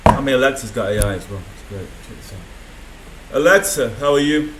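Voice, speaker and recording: A man's voice: medium pitch, expressive, moderate pace, a bit bright, roomy sound, a little hiss or hum, rough recording. A man rambling through an unscripted video diary from a room in a mental health hospital, swearing often. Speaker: vlogger.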